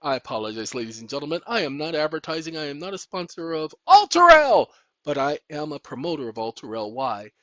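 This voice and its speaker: A man's voice: fairly high pitch, sing-song, fairly quick, a bit bright, no room sound. A tired man hosting his channel in a casual, weary, rambling monologue. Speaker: YouTube channel host. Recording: dull dry recording.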